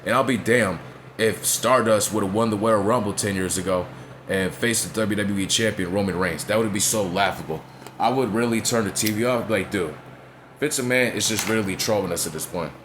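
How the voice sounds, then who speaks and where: Speaking a little fast in a fairly low voice, this man is heard over background noise. He's a wrestling vlogger and commentator venting his opinions casually and profanely, tossing in "you know what I'm saying?" a lot.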